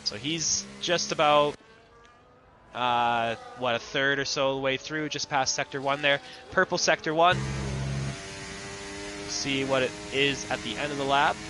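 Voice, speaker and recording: A man giving co-commentary on an online racing qualifying session, talking through lines and lap times in a steady, analytical way. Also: medium pitch, a little slow, background noise.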